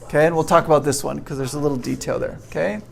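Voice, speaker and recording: A man teaching a pronunciation lesson, explaining slowly and checking in often with "okay?". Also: fairly high pitch, steady tone, creaky. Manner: slow, repetitive, checking in with "okay?". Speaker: English teacher.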